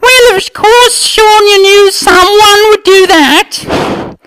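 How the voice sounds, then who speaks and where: A very high, sing-song lady assistant, put on by a man in a comedy sketch. She draws each word out slowly and politely. The sound is dry and close. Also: fairly even intonation, pushed and bright, no echo, exaggerated voice, low-quality recording. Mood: obliging. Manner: falsetto, drawn-out and sing-song. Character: prim female co-host assistant, obliging.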